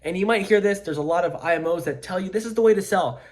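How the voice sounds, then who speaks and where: Fast-talking energetic sales coach man. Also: sits high. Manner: emphatic and repetitive, energetic pep-talk delivery. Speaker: life insurance sales coach. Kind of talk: motivational coaching monologue to camera.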